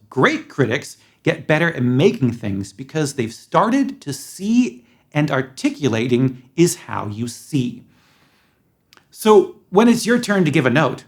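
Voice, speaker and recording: A man giving an explanatory lesson to film students, talking with emphasis. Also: on the high side. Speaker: film instructor.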